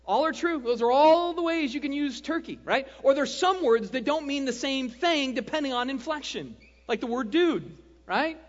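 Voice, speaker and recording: A man preaching a sermon as pastor, animated and joking, often checking in with the congregation. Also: very high-pitched, normal speed. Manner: animated, joking, keeps asking "right?". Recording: dull lo-fi sound, long hall reverb.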